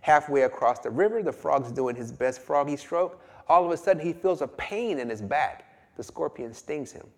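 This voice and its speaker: A male preacher delivers a sermon slowly and emphatically, his fairly high voice swinging up and down. Long reverb rings after his words. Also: animated, a little mellow. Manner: emphatic, drawn-out, storytelling.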